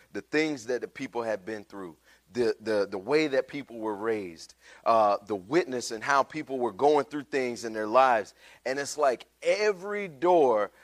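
A middle-aged pastor preaching a sermon, telling his own story in a casual, heartfelt way. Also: mid-range voice. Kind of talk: sermon with personal testimony.

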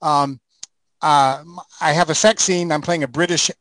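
An older man chatting casually, telling lively stories and acting out the scenes. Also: fairly high pitch, normal speed, no echo, poor audio. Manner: animated raconteur, acts out scenes. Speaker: guest. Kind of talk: casual storytelling chat.

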